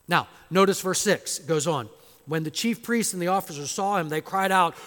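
A man's voice: high-pitched, expressive, normal speed, fairly bright tone. A male pastor preaching a sermon, dramatic and emphatic, firing off rhetorical questions. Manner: dramatic, rhetorical questions, acts out quoted voices. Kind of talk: expository sermon. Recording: long reverb of a large hall.

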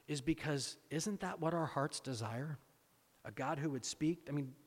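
A higher-voiced man preaching with long hall reverb. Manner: asks rhetorical questions and repeats phrases for emphasis. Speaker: pastor. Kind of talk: sermon.

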